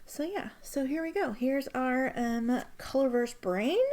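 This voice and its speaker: A young woman with a fairly high voice chats casually about her desk hobby, rambling along with plenty of fillers and restarts. She sounds close to a camera mic in a quiet room at home. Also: expressive, measured pace. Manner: chatty, rambling, lots of fillers. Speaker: ink vlogger. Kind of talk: casual chat.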